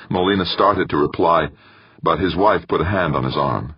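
A man narrating a story in an expressive, scripted manner. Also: extremely low pitch, moderate pace, breathy edge, dry recording, muffled recording. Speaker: audiobook narrator.

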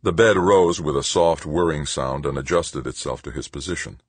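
A man narrating an audiobook with expressive storytelling. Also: rumbling low, normal speed, slightly rough, no echo. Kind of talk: scripted narration.

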